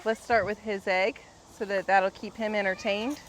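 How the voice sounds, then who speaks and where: A woman's voice: mid-range voice, steady tone, normal speed, heavy background noise. A woman co-hosting a farm vlog outdoors, chatting cheerfully and greeting the animals. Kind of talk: casual chat while doing farm chores.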